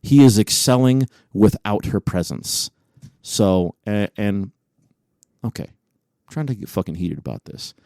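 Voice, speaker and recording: A man's voice: on the low side, lively intonation, unhurried, vocal fry, warm tone, no room sound, low-quality recording. A man co-hosting a podcast in casual chat, swearing often and getting heated as he rants. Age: adult with a son. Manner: profane, heated rant. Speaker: podcast co-host.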